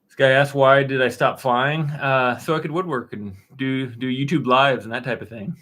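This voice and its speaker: A man in his thirties hosting a casual live stream, answering chat questions in a relaxed, rambling way with plenty of fillers and restarts. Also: medium pitch, normal speed. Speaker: woodworking channel host answering live chat. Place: dark-painted home studio room.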